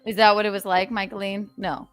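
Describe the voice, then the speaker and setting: A woman with a mid-pitched voice hosting a loose, casual chat show. She teases her guests and slips into jokey bits. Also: level tone, brisk, smooth, faint music behind. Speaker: host. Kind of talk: casual chat on a live stream.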